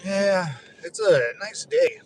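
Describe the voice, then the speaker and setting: Casting: young ex-Marine guy, high voice, loose cursing banter, faint road rumble. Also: expressive, slow, a little mellow. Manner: loose, swearing, laughing asides. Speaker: vlogger, former Marine. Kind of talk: casual rambling talk while driving. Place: in a car.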